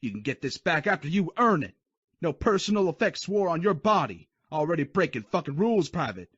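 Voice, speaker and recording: A man's voice: a little high, sing-song, a little fast, fairly bright tone, slightly rough, no echo, pitched above the performer's own voice, heavily acted. A man voicing a harsh army drill sergeant who barks profane insults and taunts. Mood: menacing. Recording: dull dry lo-fi recording.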